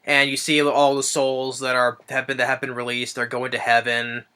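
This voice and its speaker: A man giving a casual spoken film review, halting and restarting his phrases as he thinks aloud. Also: medium pitch, completely flat delivery, pushed and bright, clean tone. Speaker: movie reviewer.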